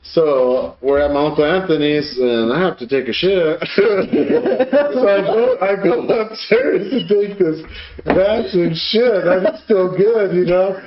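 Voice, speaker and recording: A man's voice: high-pitched, slow pace, a crowd in the background. A man co-hosting a podcast, telling a crude story in casual chat, swearing a lot and laughing as he goes. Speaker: podcast co-host. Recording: echoey room, dull lo-fi sound, faint noise.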